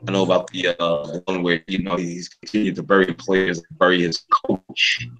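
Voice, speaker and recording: A man's voice: sits low, steady tone, moderate pace, sharp tone, low-quality recording. A man hosting a casual sports podcast, talking emotionally with lots of fillers and swearing. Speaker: podcast host.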